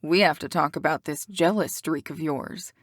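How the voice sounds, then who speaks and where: A woman's voice: sits low, moderate pace, no room sound, studio quality. A woman voicing a cocky teasing bad boy. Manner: teasing, smooth, full of innuendo. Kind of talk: audiobook character reading.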